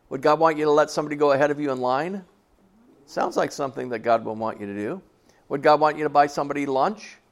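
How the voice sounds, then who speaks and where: A man in his sixties preaching a sermon to a church congregation in a folksy, conversational way, often asking them questions. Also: a little high. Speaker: pastor.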